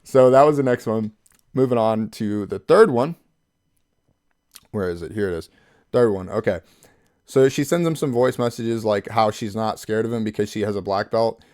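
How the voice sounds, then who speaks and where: A man's voice: on the low side, normal speed, a little mellow. A young man hosting his own video, casually talking through text messages with frequent laughs and fillers. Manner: laughs often, loose and chatty with fillers. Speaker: YouTube host. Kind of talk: casual commentary reading texts.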